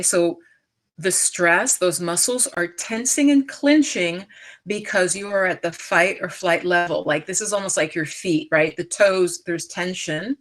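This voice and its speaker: A middle-aged American woman, a stress coach and yoga teacher, gives a live-streamed talk on stress. Her medium-pitched, slightly bright voice is chatty and emphatic, full of asides and restarts.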